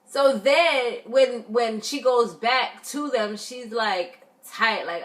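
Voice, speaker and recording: Woman vlogger, casual recap; animated, blunt, filler-heavy delivery. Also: a little high, slow pace, few pauses. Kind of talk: casual review chat.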